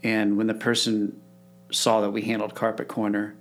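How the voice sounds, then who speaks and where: A man's voice: fairly low pitch, completely flat delivery, moderate pace, soft background music. Agreeable male podcast host. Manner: agreeable, encouraging, eager to prompt. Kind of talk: casual interview chat.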